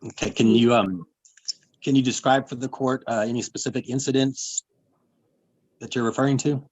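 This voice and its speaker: A man examining a witness in court, measured with small fillers. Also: mid-range voice, steady tone, darkish tone, no echo, low-quality recording. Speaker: attorney questioning witness.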